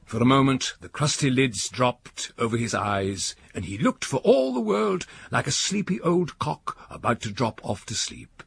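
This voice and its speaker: A man narrating a story in an audiobook reading, slow and richly expressive. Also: mid-range voice, creaky, husky.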